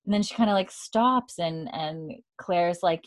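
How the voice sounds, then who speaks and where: Chatty young woman recapping a show. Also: normal speed. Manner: chatty, acts out characters' lines with lifted pitch. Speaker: podcast host recapping a TV episode. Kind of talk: casual chat recap. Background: dog heard at times.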